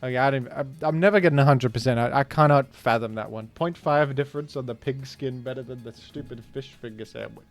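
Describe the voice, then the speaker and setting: A man streaming a food guessing game, talking casually with animated, incredulous outbursts. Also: mid-range voice, fairly quick, few pauses, soft background music. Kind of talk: casual gaming commentary.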